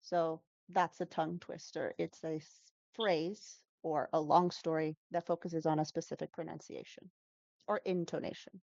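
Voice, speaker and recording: A woman's voice: sits low, steady tone, moderate pace, gravelly, darkish tone, dry recording, highs cut off. A woman who teaches English pronunciation, chatting as an interview guest with lots of fillers and self-corrections. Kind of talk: casual interview answers.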